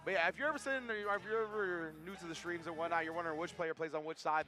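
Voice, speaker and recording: Excitable high-voiced esports caster. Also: male voice, racing, hardly any pauses. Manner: excitable, hype-driven, joking with co-caster. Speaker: fighting game commentator. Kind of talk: esports play-by-play commentary.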